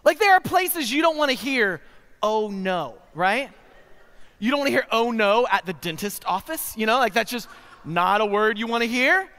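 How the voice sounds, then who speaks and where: A man's voice: very high-pitched, normal speed. A man preaching in a university chapel, telling a comic story and tagging many lines with "right?". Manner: comic, animated storytelling with frequent "right?" asides. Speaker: chapel speaker. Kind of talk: humorous storytelling sermon. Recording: long hall reverb.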